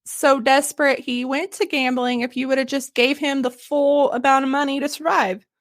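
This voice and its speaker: A woman with a high voice hosts a casual history podcast. She tells the story in an animated, joking way, laughing and swearing along. The sound is dry and close. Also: moderate pace, no echo. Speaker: podcast host.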